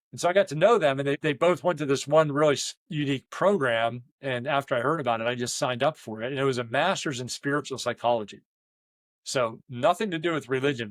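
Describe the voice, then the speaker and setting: A man's voice: medium pitch, no echo. A man, a leadership coach and business owner, talking in a candid conversational way, rambling through stories with many restarts and quoted asides.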